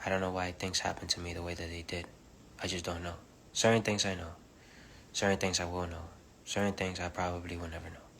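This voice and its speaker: A man giving an informal spiritual message on a live stream, speaking softly and haltingly with many pauses, mixing English and Spanish. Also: low voice, flat delivery, vocal fry, slight background noise. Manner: soft-spoken, halting, many pauses and fillers; switches between English and Spanish. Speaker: preacher on a livestream. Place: home livestream. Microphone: phone or webcam.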